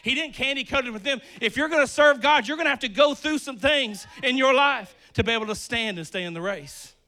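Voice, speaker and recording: A man preaching a sermon with lots of energy, swinging between loud emphasis and quiet asides, a bit out of breath. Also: very high voice, brisk.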